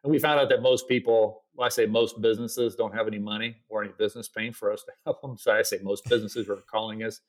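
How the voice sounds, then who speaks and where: A man's voice: fairly low pitch, fairly even intonation, fast talker, hardly any pauses. A middle-aged man, a podcast guest, telling a story in casual interview talk and acting out his own quoted lines. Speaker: podcast guest, agency founder.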